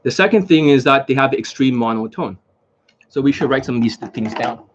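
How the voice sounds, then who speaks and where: Husky-voiced man lecturing bluntly. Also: medium pitch, expressive, a little fast, dull audio. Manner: blunt, repetitive, lecturing, swears under his breath. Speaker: dating coach. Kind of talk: casual to-camera talk.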